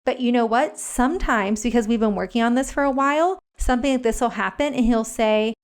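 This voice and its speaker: Woman guest, earnest and explanatory, fairly high voice, casual podcast talk. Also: fairly quick, few pauses. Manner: earnest, explains step by step with frequent "like" fillers. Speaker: guest parenting educator. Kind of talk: conversational interview explanation. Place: podcast recording.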